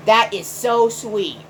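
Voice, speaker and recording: High-voiced woman sighing through an exasperated rant. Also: a little hiss or hum, poor audio. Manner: exasperated, sighs heavily between sentences; shouts in outbursts of indignation. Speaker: video reviewer. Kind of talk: ranting cartoon review.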